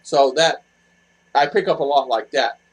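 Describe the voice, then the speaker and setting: A man's voice: mid-range voice, measured pace, slightly rough, poor audio. A man hosting a casual live chat with viewers, rambling with lots of fillers and restarts. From expat living in the Philippines. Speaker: vlog host answering viewer chat.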